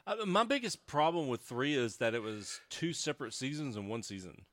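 A man's voice: mid-range voice, sing-song, fairly quick, fairly bright tone, dry recording, clean studio sound. A man in casual conversation about a TV show, talking with many fillers and restarts. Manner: hesitant, many fillers, acts out quoted lines. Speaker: co-host discussing a TV show. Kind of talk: casual chat.

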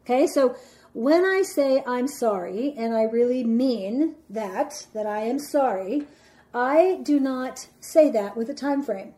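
A woman with a fairly high, mellow voice teaching a lesson. She lays out her points in a measured order. She turns dramatic whenever she acts out an example. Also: animated. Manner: measured, explains step by step. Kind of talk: instructional talk.

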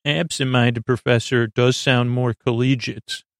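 Creaky guy rambling on a sleep podcast, dry close sound, drifts off topic and circles back. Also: medium pitch, steady tone, a little slow, no echo. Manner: meandering, self-interrupting, goofy tangents; soft, lulling delivery. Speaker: podcast host.

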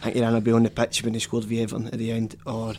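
Measured Scottish ex-footballer. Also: male voice, medium pitch, monotone, a little mellow, a little hiss or hum. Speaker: former footballer. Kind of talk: casual football chat.

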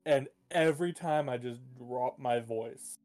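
Big laid-back man, dark mellow voice. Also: medium pitch, measured pace. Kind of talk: casual chat.

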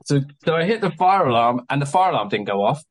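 A young man on a podcast telling a long story in a casual, animated way, swearing often and acting out what people said to him. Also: medium pitch, fast, poor audio. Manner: animated, swears a lot, acts out quoted exchanges. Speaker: guest, venue promoter.

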